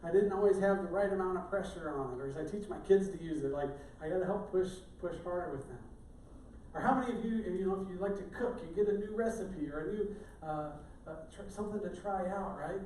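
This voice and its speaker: A man's voice: high voice, fast, warm tone, a little hiss or hum. A middle-aged male pastor giving a sermon in a conversational, joking way. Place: church sanctuary. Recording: echoey church room, distant mic.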